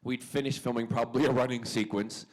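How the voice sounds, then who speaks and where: A man's voice: mid-range voice, fairly even intonation, fast talker. A man on a convention stage telling anecdotes to an audience of fans. He is playful and theatrical, with a mid-range voice, and laughs easily. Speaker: guest actor at a fan convention panel. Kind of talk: animated anecdote telling to a crowd.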